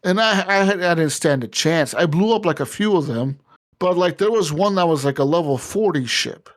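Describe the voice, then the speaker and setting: Profane, animated man telling gaming stories. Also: a little high, normal speed. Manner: animated, profane storytelling, acts out game dialogue. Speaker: podcast co-host. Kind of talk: casual gaming chat.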